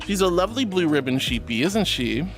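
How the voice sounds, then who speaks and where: A man's voice: high voice, big pitch swings, fairly quick, fairly bright tone, soft background music. A man streaming live, reading viewer messages aloud and calling them sweetie and honey.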